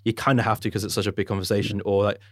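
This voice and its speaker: A man co-hosting a podcast in casual chat, talking quickly and animatedly and swearing freely. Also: lowish voice, little pitch movement, no echo, clean studio sound. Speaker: podcast co-host and editor.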